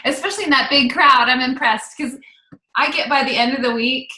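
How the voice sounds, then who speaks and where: A woman co-hosting a casual group chat, warm, encouraging and animated. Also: high voice, fairly quick. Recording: echoey room.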